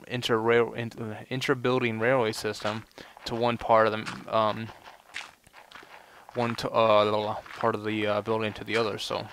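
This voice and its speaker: A man's voice: fairly low pitch, fairly bright tone, a little hiss or hum. A young man giving casual let's play commentary, rambling and full of "you know" fillers. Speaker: gameplay commentator.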